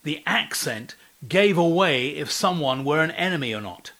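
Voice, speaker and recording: A man's voice: a little high, expressive, normal speed, pushed and bright. A man giving a devotional talk as a preacher, telling a scripture story and asking the listener rhetorical questions.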